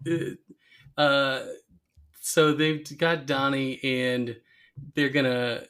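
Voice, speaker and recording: A man's voice: medium pitch, very slow, smooth. A man co-hosting a podcast, casually recapping a cartoon episode and acting out quoted lines. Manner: animated retelling with quoted lines. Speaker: podcast co-host.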